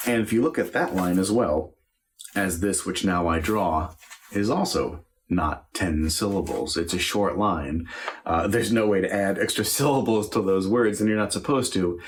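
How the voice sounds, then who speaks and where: Deep-voiced male acting teacher walking through verse line by line, unhurried and thinking aloud. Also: animated, slight background noise. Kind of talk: lesson on Shakespeare verse.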